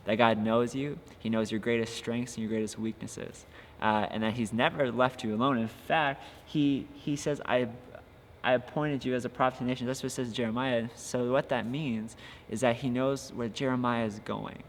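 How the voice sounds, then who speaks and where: This youth pastor, a young man, delivers an encouraging, earnest devotional message in a relaxed podcast style, with plenty of fillers. He speaks at a moderate pace in a steady, mid-range voice; the recording has long reverb and a faint ambient hum.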